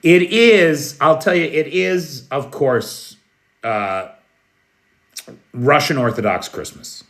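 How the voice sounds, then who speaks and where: A man from the United States hosting a live news stream, speaking in a slow, measured, friendly way and greeting chat viewers by name. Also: on the high side, fairly bright tone. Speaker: news livestream host. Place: Kyiv, Ukraine.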